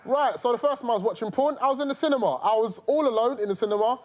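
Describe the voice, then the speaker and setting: A man with a high voice tells a comic story in an excited rush. He keeps building energy as he talks. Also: racing. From United Kingdom. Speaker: stand-up comedian. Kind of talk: improvised stand-up story.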